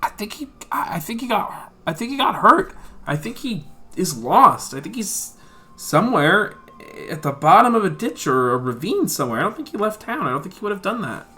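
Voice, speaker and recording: Guy putting on a worried young girlfriend, high and breathy, bright and a bit tense, tabletop game voice. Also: big pitch swings, brisk, heavily acted.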